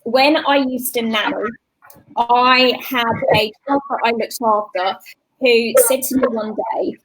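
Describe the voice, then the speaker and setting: A woman's voice: a little high, fairly even intonation, a little slow, rough recording. A woman, a guest on a talk show, giving practical parenting advice in a casual explanatory way. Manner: warm practical advice, mimics sing-song voices. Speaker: guest, children's coach.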